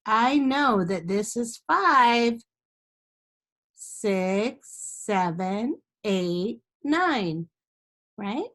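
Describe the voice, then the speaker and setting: A patient woman teacher walks young kids through a math lesson in an online class, recorded on a computer mic. Her voice sits a little high and she talks slowly, breaking into sing-song chants and checking in often. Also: lively intonation, fairly bright tone.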